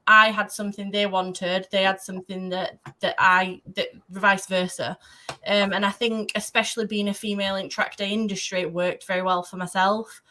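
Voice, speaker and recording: A woman's voice: mid-range voice, level tone, moderate pace, pushed and bright. A woman talking as a guest motorsport photographer on a casual podcast, enthusiastic and rambling in her storytelling.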